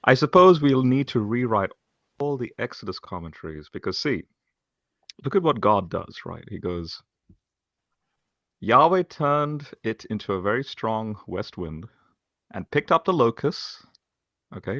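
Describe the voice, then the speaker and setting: A man's voice: lowish voice, animated, a little slow, fairly bright tone, dry recording, muffled recording. A man co-hosting a debate review, talking casually in a tongue-in-cheek, joking way. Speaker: co-host of a debate review show. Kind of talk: casual discussion.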